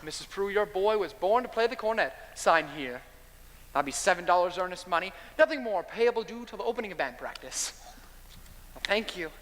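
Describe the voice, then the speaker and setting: A man playing a slick, smooth-talking traveling salesman in a stage musical, glib and persuasive. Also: sits high, expressive, normal speed, a bit bright. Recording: stage with long hall reverb, faint noise.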